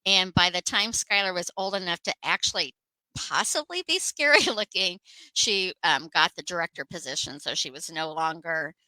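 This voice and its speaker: Brief: woman talk-show host, lowish voice, bright tone, dry sound. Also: animated, moderate pace, no echo, poor audio. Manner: rambling storyteller with many fillers. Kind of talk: casual chat.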